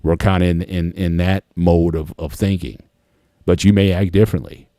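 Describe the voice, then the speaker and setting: A man's voice: low-pitched, steady tone, moderate pace, dark tone, no room sound, clean studio sound. A man hosting a casual interview, hedging his points with "kinda" and "you know".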